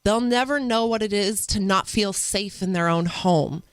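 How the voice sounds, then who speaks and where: A woman guest on an interview show, a mother telling stories in an earnest, animated way. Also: mid-range voice, normal speed, clear, resonant tone, no echo. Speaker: podcast guest. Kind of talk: conversational interview storytelling.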